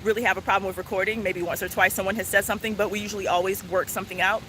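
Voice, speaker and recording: A woman vlogger tells her story straight to camera, earnest and animated, often saying "like". Her voice is bright and forward, at an ordinary pitch. There is faint noise behind her. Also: rapid-fire. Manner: earnest, animated, conversational, with frequent "like" fillers. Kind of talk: casual storytelling vlog.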